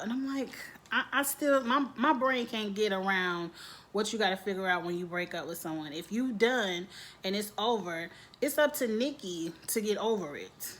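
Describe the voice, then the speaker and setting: A woman's voice: medium pitch, moderate pace. Sassy woman recapping a TV episode. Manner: sassy, animated, laughs often. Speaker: TV show reviewer. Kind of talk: casual recap and commentary.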